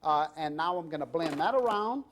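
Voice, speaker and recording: A middle-aged Louisiana chef hosting a TV cooking demo speaks with a drawl, his voice notably high for a man, brisk and expressive. He jokes warmly with guests and crew, rambling unscripted between recipe steps with many fillers. There's a little hiss or hum.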